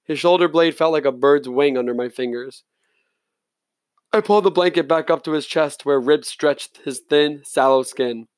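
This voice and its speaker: A man reading an audiobook in steady, first-person narration. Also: on the high side, moderate pace, dry recording.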